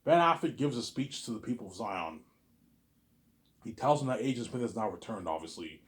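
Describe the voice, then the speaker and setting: A man with a lowish voice tells a long story off the cuff, rambling from one scene to the next. He stumbles and repeats himself, tagging his sentences with the same filler again and again. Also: expressive, fairly quick. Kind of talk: casual spoken storytelling.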